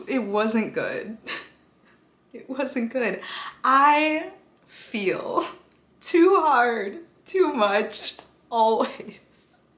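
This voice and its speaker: Giggly young woman, slow and echoey. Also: a little high, fairly bright tone. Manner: giggly, casual swearing, gushing. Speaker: vlogger. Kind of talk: casual vlog chat. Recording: roomy echoey sound.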